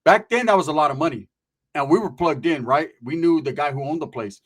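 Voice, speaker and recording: A man's voice: on the high side, fairly quick, breathy edge. A man telling a comic story in a loose, profane way, tossing in "right?" again and again.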